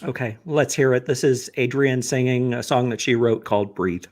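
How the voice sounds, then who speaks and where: A man's voice: medium pitch, normal speed, a little mellow. A man who directs a church's music program hosts an interview, giving brief, encouraging prompts. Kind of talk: casual interview hosting.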